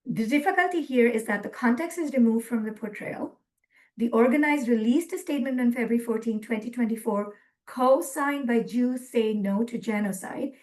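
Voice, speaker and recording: A woman presenting a webinar lecture from slides, earnest and measured, with frequent ums. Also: fairly high pitch, darkish tone.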